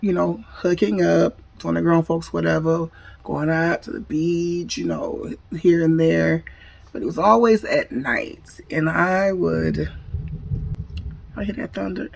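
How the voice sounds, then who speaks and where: Woman spilling a storytime, super gravelly voice, kinda husky, talks right to y'all. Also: lowish voice. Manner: slangy, addresses the viewers directly. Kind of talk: casual storytime chat.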